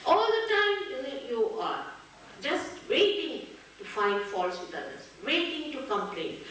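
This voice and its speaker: An older woman, giving a spiritual talk to an audience and telling lively stories with frequent laughs. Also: fairly high pitch, measured pace, slight background noise. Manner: storytelling, lively, laughs often. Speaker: spiritual teacher. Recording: echoey hall, far from the mic.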